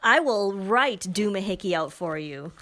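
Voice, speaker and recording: A woman's voice: mid-range voice, expressive, measured pace, pushed and bright, a little hiss or hum. A woman hosting a casual live stream from a pen shop, chatty and giggly, with self-mocking asides as she demonstrates inks. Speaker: live-stream host demoing pens and ink.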